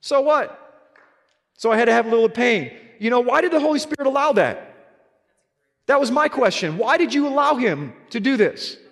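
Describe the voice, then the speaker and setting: A man's voice: very high-pitched, lively intonation, moderate pace, a bit bright, long reverb tail. A man preaching a sermon as pastor, telling an earnest story with emphatic repetitions.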